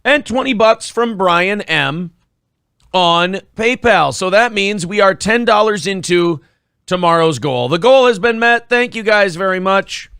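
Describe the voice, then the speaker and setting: A man's voice: high voice, lively intonation, a little slow, bright, forceful tone, smooth, no room sound, clean studio sound. A man hosting a morning talk show, chatting casually in a blunt, profane way. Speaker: host. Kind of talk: casual chat.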